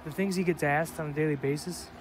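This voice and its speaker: Excitable Wisconsin man calling a game. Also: fairly high pitch, fast talker, background noise. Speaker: esports commentator. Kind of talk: casual esports commentary.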